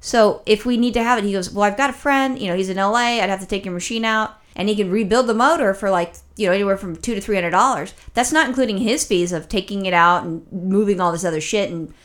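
A woman co-hosting a casual chat, telling a long story in a profane, exasperated ramble full of restarts. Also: mid-range voice. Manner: animated, rapid rambling with restarts. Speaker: podcast co-host.

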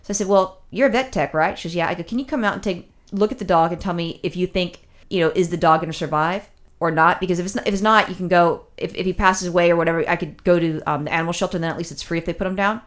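A woman with a somewhat low voice talks at a rapid clip, spilling out a personal story in loose casual chat. She rambles, doubles back and fills gaps with "you know" as the feeling builds. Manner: rambling, with many fillers and restarts; emotional, recounting distress.

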